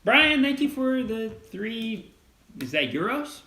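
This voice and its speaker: A young man hosting a casual farm livestream, upbeat and quick as he thanks donors by name. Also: extremely high pitch, very animated, background noise. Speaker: channel host reading donations. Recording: roomy echo.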